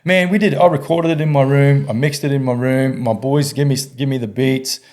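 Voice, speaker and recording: An Australian man from North Queensland in his forties, talking at an ordinary pitch for a man. He chats casually as a podcast guest, swearing freely and acting out old conversations in a relaxed, storytelling way. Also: fairly quick. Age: 40s. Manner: laid-back storyteller, acts out quotes, swears casually. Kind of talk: casual chat.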